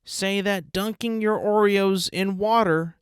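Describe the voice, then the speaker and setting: A man's voice: high voice, fairly even intonation, takes it slowly, clean tone, dry recording, studio quality. A man hosting a casual solo podcast, rambling playfully and savoring talk of food. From United States. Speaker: podcast host.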